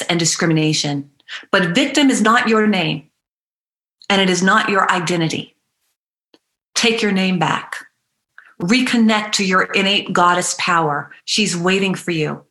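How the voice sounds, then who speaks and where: A woman coaching a guided EFT tapping meditation, giving slow, soothing, repetitive cues. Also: mid-range voice, fairly bright tone. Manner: playful bursts of animal noises and laughter.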